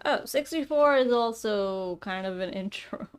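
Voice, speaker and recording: A woman's voice: mid-range voice, measured pace, clean tone. A woman playing a tabletop role-playing game who chats casually, giggles often and reads bits aloud from the book. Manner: giggly, chatty, reads out from a rulebook. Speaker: player.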